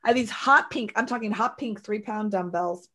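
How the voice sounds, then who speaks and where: A woman chatting casually and telling stories in an animated way, often acting out what others said. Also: medium pitch, moderate pace. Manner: animated storyteller, acts out quotes loudly. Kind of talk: casual chat.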